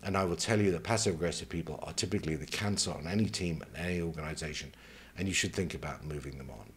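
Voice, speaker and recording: A man speaking as a career mentor, giving advice in a measured, conversational way and taking his points one at a time. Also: deep voice, a bit bright, breathy edge.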